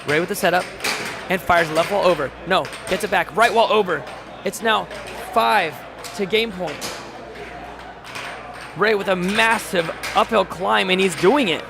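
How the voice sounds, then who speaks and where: High-pitched, gravelly man calling plays. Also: music in the background. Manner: rapid play-calling, reads chat aloud, jokey. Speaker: play-by-play commentator. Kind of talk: live-stream sports commentary. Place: home studio.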